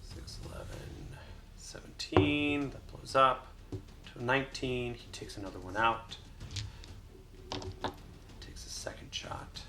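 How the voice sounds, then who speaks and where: A man's voice: medium pitch, a little slow, long pauses, heavy background noise. A man narrating a solo tabletop game as game master, casual and loose with frequent fillers. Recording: voice over loud background music. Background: music.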